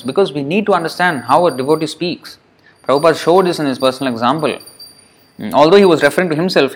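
A man's voice: medium pitch, fairly bright tone, rough recording. A man giving a spiritual lecture to devotees, earnest and explanatory, often repeating phrases for emphasis. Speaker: religious teacher.

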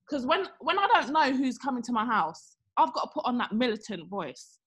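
Young woman, podcast co-host, animated storyteller, slightly high voice. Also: a little fast, hardly any pauses, husky. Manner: animated, acts out quotes with exaggerated voices. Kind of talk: casual storytelling chat.

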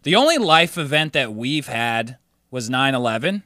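A man's voice: medium pitch, animated, moderate pace, bright, forceful tone, dry recording, clean studio sound. A young man co-hosting a podcast, talking in a jokey, easygoing way. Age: young adult. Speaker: podcast co-host. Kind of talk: casual podcast chat.

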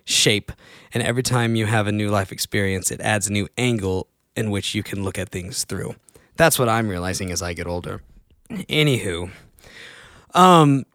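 A young man chatting casually as a podcast host, rambling between mumbled asides and excited outbursts. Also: on the high side, no room sound, clean studio sound. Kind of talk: casual solo chat.

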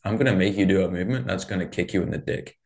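A man hosts a casual podcast chat in a very low voice. He talks bluntly and fired up, with swearing scattered all through. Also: racing. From northern England. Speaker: podcast host and CrossFit coach.

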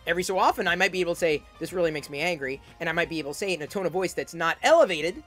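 A woman with a fairly low voice talks with intensity and volume, projecting easily. She stumbles over repeated words as she pushes her point forward. Soft music plays faintly in the background. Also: animated, rapid-fire. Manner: intense, emphatic, repeats words when starting sentences; loud and projecting. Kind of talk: advice monologue.

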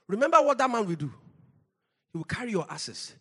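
Husky, fiery preacher man. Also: big pitch swings, a little fast, long pauses. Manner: impassioned preaching, swinging between low intensity and loud shouting; speaks in tongues between points. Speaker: pastor. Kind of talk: sermon.

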